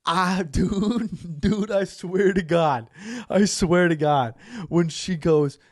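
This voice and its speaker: A young man co-hosting a podcast, telling a story in a casual, profane way, dropping to a hush and then bursting out loud. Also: sits high, slow pace, no room sound, studio quality. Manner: animated storytelling, profane, swings from hushed to loud. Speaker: podcast co-host. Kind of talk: casual chat.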